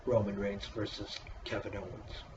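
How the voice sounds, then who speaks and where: A man's voice: on the low side, little pitch movement, normal speed, background noise. Swearing guy ranting about wrestling, fed up and sarcastic, sounds kinda far from the mic, muffled. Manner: profane, exasperated, sarcastic. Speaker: wrestling show reviewer. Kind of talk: casual ranting review.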